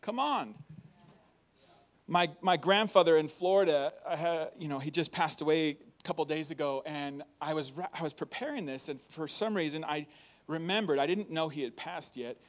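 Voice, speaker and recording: High-voiced, upbeat male preacher. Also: normal speed. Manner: upbeat and animated, laughs often between points. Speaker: pastor. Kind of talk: sermon. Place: church hall.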